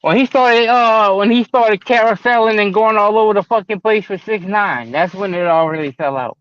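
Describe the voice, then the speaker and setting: A man's voice: high voice, moderate pace, a bit bright, clean tone, dry recording. A man co-hosting a podcast in casual chat, blunt, profane and insistent. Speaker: podcast co-host. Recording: muffled lo-fi audio with faint hiss.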